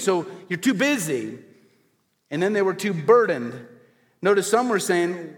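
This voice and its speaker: A high-voiced man preaches in an animated, rising-and-falling delivery, throwing rhetorical questions out to his congregation. His voice rings with a long hall reverb around him. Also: moderate pace. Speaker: pastor. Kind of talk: sermon. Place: church hall before a congregation.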